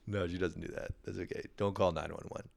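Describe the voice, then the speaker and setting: A man's voice: low voice, gravelly. A man hosting a podcast, delivering a rambling, profane comic monologue full of "you know" and "right.". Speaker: podcast host.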